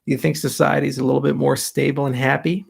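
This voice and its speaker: Gravelly man joking through viewer questions. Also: mid-range voice, little pitch movement, fairly quick. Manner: wry, joking, offhand. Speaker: host answering audience questions. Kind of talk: casual live Q&A.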